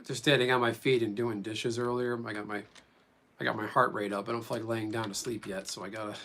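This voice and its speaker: A man's voice: fairly low pitch, little pitch movement, fairly quick, fairly bright tone, slight background noise. A man chatting casually with viewers during a live stream, rambling as he reads and answers them.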